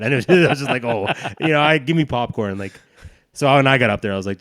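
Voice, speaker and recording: A man's voice: medium pitch, expressive, fast talker, fairly bright tone, dry recording, studio quality. A man co-hosting a dads' podcast, telling a rambling, profane story in casual chat. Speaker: podcast co-host.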